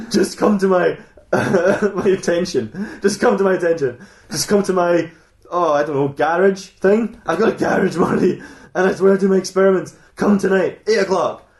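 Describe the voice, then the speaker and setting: A man voicing an eccentric middle-aged scientist with an urgent, halting way of talking, in an echoey room. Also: sits high, sing-song, voice pushed up, exaggerated voice. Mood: excited. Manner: urgent, halting, breaking into laughter.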